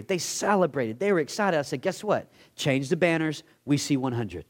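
A man preaching a sermon as a guest pastor, acting out characters in lowered voices. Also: fairly quick, hardly any pauses. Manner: animated, acts out bible characters in dropped voices.

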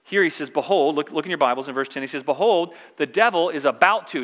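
A man's voice: a little high, brisk, hardly any pauses, a bit bright. A man preaching a conversational sermon, repeating phrases for emphasis. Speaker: pastor. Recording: reverberant hall.

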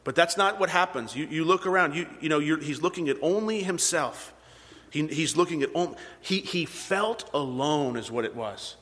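A pastor with a slightly high, fairly bright voice preaches at a moderate pace, expressive throughout. He talks through scripture conversationally and quizzes the congregation, his words carrying long reverb from the hall.

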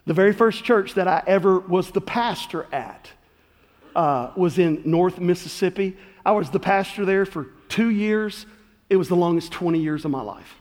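A man preaching a sermon as pastor, telling folksy stories that build to loud peaks. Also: high-pitched, moderate pace. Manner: folksy, animated storytelling with rising shouts. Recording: long hall reverb.

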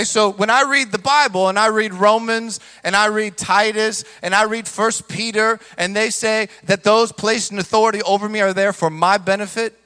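Male pastor, high bright voice, passionate sermon delivery, echo of a big hall. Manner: impassioned preaching, acts out quoted voices.

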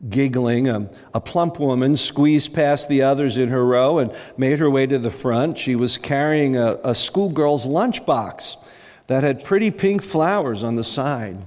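A man's voice: mid-range voice, measured pace. Male preacher telling a story in a reverberant hall. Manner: animated storytelling. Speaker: pastor. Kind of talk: sermon storytelling.

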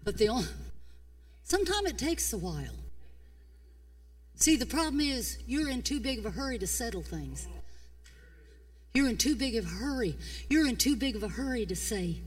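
An older woman pastor, preaching a fiery sermon. She swings between shouting and hushed tones in a folksy way. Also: mid-range voice, lively intonation, normal speed, long pauses, slightly rough, distant mic. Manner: folksy, repeats "come on". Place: church.

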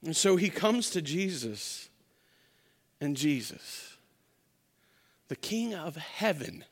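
Taking it slowly, a male pastor with a fairly high-pitched voice preaches a sermon, telling a story with verve, acting out what people said, and often restarting mid-sentence.

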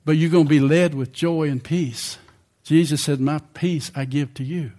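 A man's voice: fairly high pitch, steady tone, normal speed, dark tone. An older man preaching a sermon in a conversational way, often asking the congregation questions.

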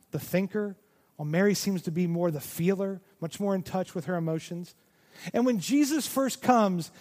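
A male pastor preaching a sermon with great passion, moving between loud emphasis and hushed, near-whispered lines. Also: sits high. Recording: long reverb of a large hall.

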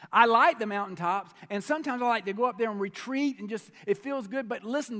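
A man preaching a sermon, telling a story with animated delivery and frequent questions to the congregation. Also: high-pitched, long reverb tail. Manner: animated storytelling, asks the audience questions, swings pace and volume.

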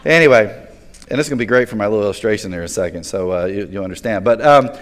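A man's voice: fairly low pitch, very fast. A man preaching a sermon as a pastor, talking casually and conversationally and often restarting words. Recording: long hall reverb.

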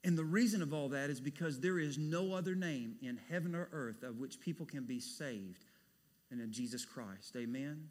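A man preaching a sermon as pastor, animated, dropping to a hush and rising to loud bursts. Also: on the high side, normal speed. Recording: long hall reverb.

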